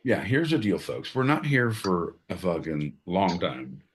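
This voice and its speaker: A man co-hosting a comedic podcast in casual banter, animated and crude, breaking into loud mock outbursts. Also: low-pitched, measured pace, slight background noise. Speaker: podcast co-host.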